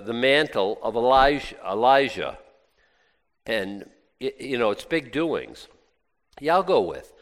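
A man preaching a conversational sermon in a folksy, rambling way, full of asides and restarts. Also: medium pitch. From United States. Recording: long reverb of a hall.

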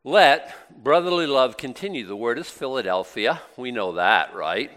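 A man's voice: medium pitch, animated, normal speed, a bit bright, big-room sound. A middle-aged man preaching a sermon in a conversational way, with plenty of rhetorical questions and repeated phrases.

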